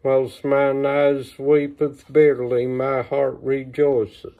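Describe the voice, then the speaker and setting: A man reading the lines of a grieving old mother in a slow, measured lament, recorded on a phone. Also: mid-range voice, completely flat delivery. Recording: tinny phone-line sound.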